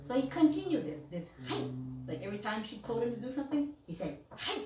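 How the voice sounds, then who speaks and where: A woman's voice: a little high, big pitch swings, fast, echoey room, recorded from a distance, a crowd in the background, poor audio. A woman minister giving a casual sermon, chatty, laughing often and acting out the voices she quotes.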